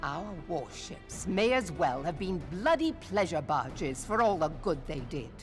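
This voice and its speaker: A woman's voice: lowish voice, big pitch swings, a little slow. A woman voicing a commanding female admiral in a game cutscene, regal and blunt, heard from a game in the background. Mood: frustrated. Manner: regal, forceful. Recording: game audio played from a distance under music.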